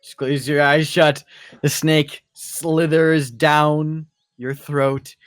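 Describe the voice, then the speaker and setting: A man narrating a tabletop role-playing session as its game master, slow and drawn out in the grim moments. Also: a little high, level tone, no echo, clean studio sound. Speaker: dungeon master.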